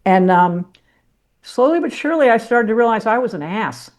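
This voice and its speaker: A woman's voice: fairly high pitch, lively intonation, normal speed, a little mellow. An older woman, a former sportscaster turned teacher, telling her life story as a podcast guest in a blunt, salty, self-mocking way. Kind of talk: candid personal storytelling.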